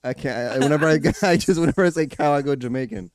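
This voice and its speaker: A man's voice: fairly high pitch, fast talker, gravelly, a little mellow, smooth, dry recording. A young man co-hosting a podcast, cracking jokes and swearing casually. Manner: joking, swears often, throws in wisecracks. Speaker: podcast co-host. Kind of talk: casual chat.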